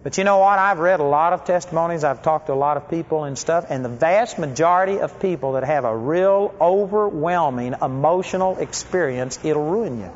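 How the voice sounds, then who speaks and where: A man's voice: fairly high pitch, a little fast, few pauses. A man preaching a sermon in a conversational storytelling way, often putting direct questions to the congregation. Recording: echoey hall, dull lo-fi sound.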